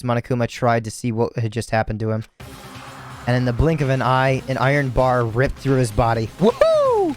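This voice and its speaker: A tired man reads a video game's story aloud at an even middle pitch. He trips over words, corrects himself and drops casual asides between the lines. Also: clean tone, no echo. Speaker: let's play narrator.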